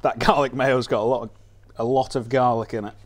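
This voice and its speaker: A man's voice: mid-range voice, fairly even intonation, a little fast. A man guest cooking alongside the host, chatting casually in a jokey, teasing way. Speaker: guest, teacher. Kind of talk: casual chat while cooking.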